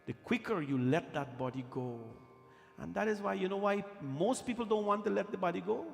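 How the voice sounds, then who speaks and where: A man's voice: sits high, a little fast, creaky. Man, devotional sermon, long hall reverb, music behind. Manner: preachy, repeats phrases for emphasis. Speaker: pandit leading a katha. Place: temple hall.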